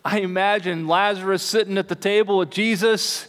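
A man delivers a sermon in a conversational tone, now and then slowing right down to drive a line home. His voice sits a bit high for a man. A long reverb trails each phrase, as in a big church hall. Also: fairly even intonation, a bit bright. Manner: conversational preaching, slows for emphasis. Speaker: pastor.

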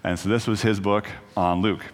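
A man's voice: fairly low pitch, fairly even intonation, normal speed. A man giving a casual, conversational sermon in a church, joking at his own expense and restarting his sentences often. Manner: conversational, self-deprecating, many restarts. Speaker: preacher. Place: church sanctuary. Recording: long church reverb.

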